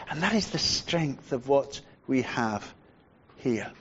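A man preaching a sermon in a measured way, dropping to a hushed voice to stress points. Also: on the high side, lo-fi sound.

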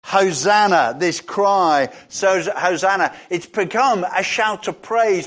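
A man preaching a sermon, reading scripture passages aloud and rising in pitch when he stresses a point. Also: slow pace, few pauses, a bit bright.

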